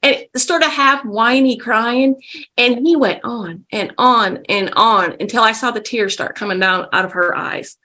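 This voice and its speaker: Podcast guest: woman with a bright, fairly high voice, lively storyteller. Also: a little slow. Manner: vivid, animated storyteller. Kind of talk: casual storytelling.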